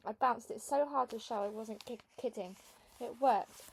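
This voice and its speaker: A woman reading a children's book aloud, narrating in a lively, expressive first-person style. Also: on the high side, normal speed, gravelly, slightly rough. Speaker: read-along narrator.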